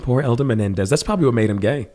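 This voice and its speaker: A man's voice: mid-range voice, rapid-fire, mellow. A man in his thirties co-hosting a podcast, telling a story casually, laughing often and acting out quotes. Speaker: podcast co-host.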